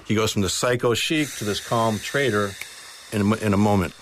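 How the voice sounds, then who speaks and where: Low-voiced American man telling a story. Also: brisk, slight background noise. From United States. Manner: vivid storyteller, quotes others in character. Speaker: author and guest. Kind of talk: storytelling in a radio interview. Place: radio studio.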